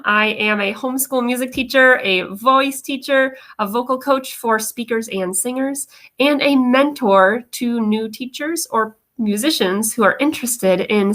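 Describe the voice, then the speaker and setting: A bright, fairly high woman's voice leads a live vocal-tips lesson as a coach. She is upbeat and chatty and keeps checking in with her viewers as she talks. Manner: upbeat, chatty, addresses viewers directly with frequent check-ins.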